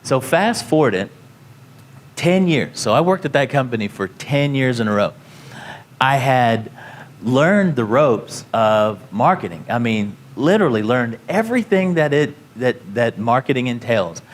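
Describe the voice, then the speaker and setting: A man's voice: medium pitch, very animated, measured pace, slight background noise. A company founder telling his career story to students, casual and rambling, full of "you know" fillers and restarts.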